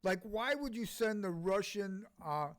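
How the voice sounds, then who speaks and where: A man with a notably high voice, trading takes on a bad movie in casual chat. He answers with dry, sardonic jokes and talks over his co-host. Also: animated, measured pace, a bit bright. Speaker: podcast movie reviewer.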